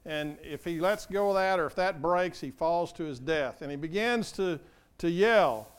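A man's voice: on the high side, moderate pace, smooth. An older man preaching a sermon as pastor, earnest and conversational, often asking the congregation questions.

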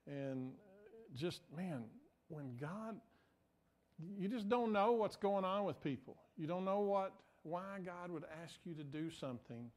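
A man's voice: sits high, lively intonation, unhurried, a little mellow. A male pastor, telling a story in a conversational, self-deprecating sermon. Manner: conversational, self-deprecating, acts out quoted voices.

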